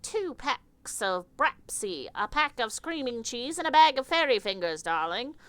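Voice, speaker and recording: A woman's voice: fairly high pitch, very animated, a bit bright, clear, resonant tone, no echo, voice pushed up. A woman putting on a haughty insect lady. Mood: sarcastic. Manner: haughty, sarcastic, hurried. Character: impatient sarcastic insect mother with mandibles.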